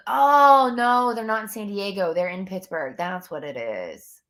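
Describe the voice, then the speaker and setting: A woman's voice: medium pitch, expressive, normal speed, few pauses, fairly bright tone. A young woman hosting a casual sports live stream from home, bubbly and chatty, talking straight to her viewers. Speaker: sports podcast host. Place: home room near window.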